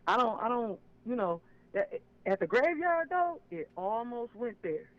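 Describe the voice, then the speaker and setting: A man with a notably high voice calls in over a dull, lo-fi phone line. He tells his story emphatically and with a clear sense of grievance, pressing each point home. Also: sing-song, measured pace. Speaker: caller. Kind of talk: phone-in call on a live stream.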